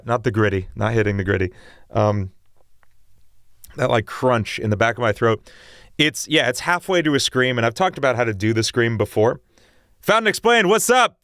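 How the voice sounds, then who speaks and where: A man's voice: medium pitch, dry recording, studio quality. A young man hosting a music livestream, talking in a loose, rambling way with frequent laughs. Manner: excitable, rambling, laughs often. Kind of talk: casual livestream chat. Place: home music studio.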